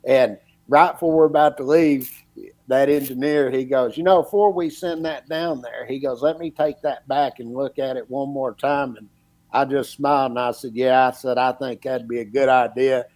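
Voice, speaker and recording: A middle-aged man tells a long story in casual chat, quoting everyone along the way. His voice sits at an ordinary pitch. The sound is dry and close. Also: fairly even intonation, moderate pace, darkish tone, no echo, low-quality recording. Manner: folksy, retells dialogue with repeated "he goes" and "I said". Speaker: podcast guest, former electrical inspector.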